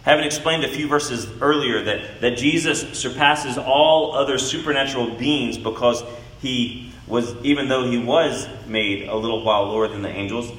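A man giving an expository Bible teaching, speaking in a deliberate, emphatic way and leaning on key words. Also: mid-range voice, a bit bright, reverberant, rough recording.

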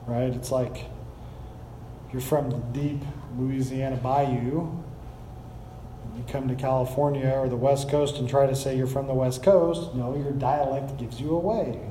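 A man's voice: mid-range voice, fairly even intonation, measured pace, warm tone, reverberant, a little hiss or hum, rough recording. A man preaching a sermon, reading scripture aloud and explaining it with rising emphasis. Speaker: pastor.

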